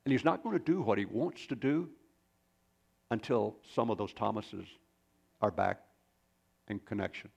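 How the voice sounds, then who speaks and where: A man's voice: fairly low pitch, normal speed, gravelly, long pauses, darkish tone, slightly rough. A male pastor preaching a sermon in a folksy, storytelling way, with rambling asides.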